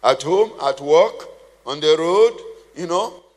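A man with a fairly high voice preaches slowly, his intonation lively as he quizzes the congregation in a conversational, funny way. He drops in humorous asides, and the recording has a long hall reverb.

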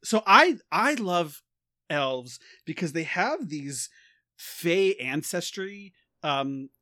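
An animated man from New York chats on a tabletop gaming podcast, joking freely. His voice is bright and forward, sitting a little above the usual male range, and the sound is dry and close. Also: on the high side, slow, dry recording. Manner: animated, jokey, breaks into goofy voices. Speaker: podcast co-host. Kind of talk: casual chat.

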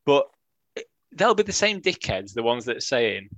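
A man's voice: mid-range voice, sing-song, normal speed, a bit bright, dry recording. A man chatting about football as a podcast co-host, joking and mimicking others. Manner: joking, mocks others in a whiny voice. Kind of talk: casual chat.

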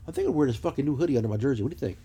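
Fast, profane man on a podcast. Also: medium pitch, expressive, mellow, husky. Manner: profane, rambling storyteller. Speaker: podcast host. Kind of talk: casual chat. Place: lounge, lying on a couch.

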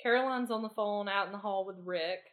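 A woman's voice: medium pitch, a little fast, a bit bright. Woman on a podcast going over an episode, chatty, eager. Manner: chatty, enthusiastic recapping. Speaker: podcast co-host. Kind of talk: casual chat recapping a TV episode.

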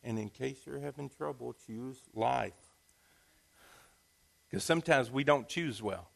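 A man's voice: medium pitch, measured pace, vocal fry, a bit bright. A man preaching a sermon in a folksy, conversational storytelling manner. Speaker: pastor.

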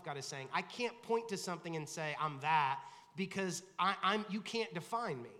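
A man preaching a relaxed, conversational sermon, his voice sitting on the higher side for a man. He slips into playful voices for the people he quotes. The sound carries a long reverb, as in a large church sanctuary. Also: normal speed, hardly any pauses. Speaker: lead pastor.

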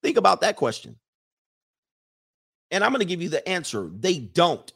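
A man's voice: high voice, very animated, normal speed, creaky, a bit bright, husky. A man hosting a casual livestream, talking emphatically with many fillers and restarts and reading chat comments aloud.

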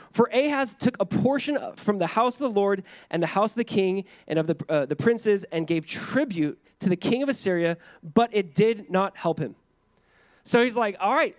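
A young adult man preaching a sermon in a conversational, animated way, acting out the voices in the scripture he reads. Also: high voice, dry recording. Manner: conversational, animated, acts out quotes. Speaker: pastor.

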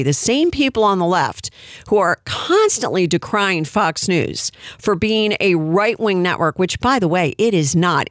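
A woman's voice: lowish voice, dry recording, clean studio sound. A woman hosting a political commentary show, talking in a sarcastic, indignant way. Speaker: commentary host.

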